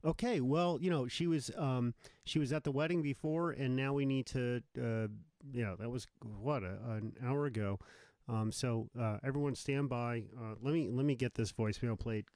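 A man's voice: medium pitch, moderate pace, darkish tone, no echo. Irritable swearing male host. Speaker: show host. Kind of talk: live call-in show.

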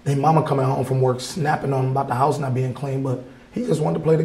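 A man's voice: medium pitch, fairly even intonation, fast talker, mellow, roomy sound, poor audio. A male artist from Wisconsin talking in a casual interview in an art gallery, blunt and heated, swearing freely. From Wisconsin, USA. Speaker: artist guest.

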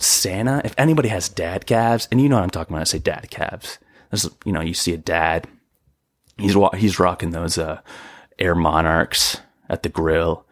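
A young man hosting a podcast, ranting in exasperation and jumping into sudden high-pitched outbursts. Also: husky, dry recording, clean studio sound. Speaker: podcast host. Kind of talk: comedic solo podcast rant. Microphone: podcast microphone.

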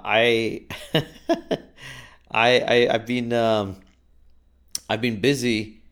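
Male podcast host, lowish voice, rambling solo monologue, self-deprecating, stumbles and restarts. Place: podcast booth.

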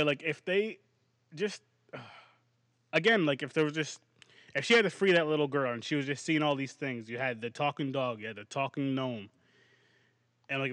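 Rambling podcast host, slightly high voice. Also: male voice, dry recording. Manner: rambling, animated, laughs often. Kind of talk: casual movie review chat.

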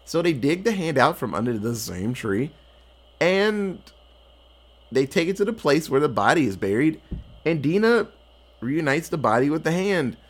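A man's voice: fairly high pitch, sing-song, moderate pace. A man hosting a casual movie review podcast, recapping the plot and asking the others questions. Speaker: podcast host. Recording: echoey room, faint noise.

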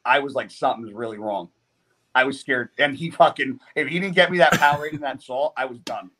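Man, podcast guest, swears a lot, lively anecdotes, slightly high voice. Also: fairly quick, husky. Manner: profane, animated storyteller. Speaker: podcast guest, pro bodybuilder. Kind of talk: casual storytelling.

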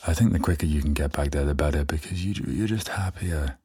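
A man's voice: rumbling low, fast, warm tone, slightly rough, no room sound. A young man hosting a solo podcast, rambling candidly and poking fun at himself. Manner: rambling, self-deprecating, candid. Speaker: podcast host. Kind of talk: casual solo podcast chat.

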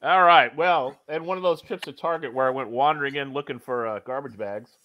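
A man's voice: mid-range voice, brisk, highs cut off. A middle-aged man in casual chat, showing his collection with dry self-deprecating humor.

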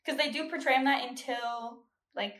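Giggly woman guest, kinda high and bright, roomy echo. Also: moderate pace. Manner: laughs often, trails off, lots of "like". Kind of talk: casual chat. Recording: echoey room.

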